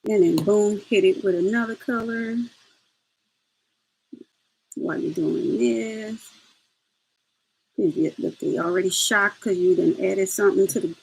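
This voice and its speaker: A woman's voice: mid-range voice, gravelly, slight background noise, low-quality recording. A woman hosting a casual step-by-step craft tutorial, chatty and laughing as she talks to her viewers.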